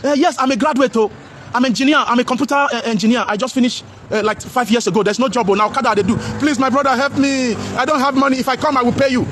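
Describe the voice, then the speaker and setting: A man's voice: very high voice, steady tone, quick pace, fairly bright tone, a little hiss or hum. A man with a Nigerian accent imitating a young male graduate who pleads for work abroad. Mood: pleading. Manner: begging, whiny.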